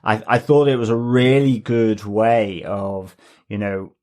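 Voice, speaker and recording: A man co-hosting a casual podcast discussion, enthusiastic and halting, restarting his sentences as he goes. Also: on the low side, flat delivery, darkish tone. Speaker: podcast co-host.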